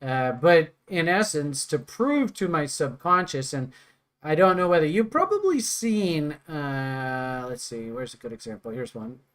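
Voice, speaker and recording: Male trading instructor, casual host, rambling and jokey, full of fillers, voice a touch high. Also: expressive, measured pace, a bit bright. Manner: rambling, jokey, thinks aloud with many fillers. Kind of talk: casual teaching chat.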